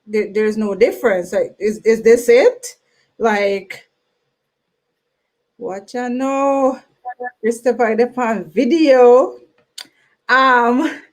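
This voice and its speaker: Woman host, fairly high voice, chatty and casual, lots of fillers. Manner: chatty, laughing, many fillers. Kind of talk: casual online talk show chat.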